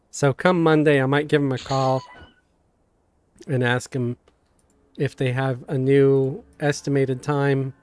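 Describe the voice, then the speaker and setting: A man chatting casually on a game live stream, halting and full of restarts, coughing now and then. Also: mid-range voice, clear, resonant tone. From Queens, New York. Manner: halting, many fillers and restarts, animated. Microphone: desk mic, sometimes knocked.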